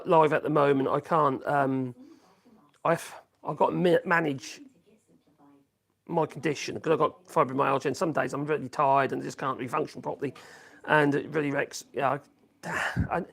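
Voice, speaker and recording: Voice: medium pitch, vocal fry. A live-streamer rambling casually while reading out chat messages, humming and chuckling between thoughts, speaking into a phone in a home workshop. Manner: rambling, hums to self, frequent chuckles.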